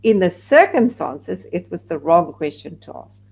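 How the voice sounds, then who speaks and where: A woman's voice: fairly low pitch, normal speed, gravelly, slightly rough, poor audio. A woman from South Africa, a podcast guest, candidly telling a personal story and acting out the people she quotes. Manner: candid, animated when quoting others.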